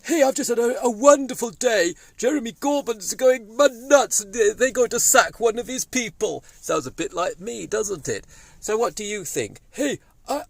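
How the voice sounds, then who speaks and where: A man's voice: very high voice, lively intonation, normal speed, vocal fry, dry recording, pitched above the performer's own voice, exaggerated voice. A man voicing a pompous, boastful male prime minister, chirpy and smug. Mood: smug boasting.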